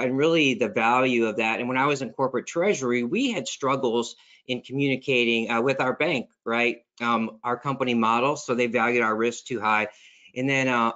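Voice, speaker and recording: A man's voice: mid-range voice, pushed and bright. A man hosting a webinar, chatty and self-deprecating, with frequent fillers. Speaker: webinar host. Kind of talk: webinar presentation. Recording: lo-fi online call audio.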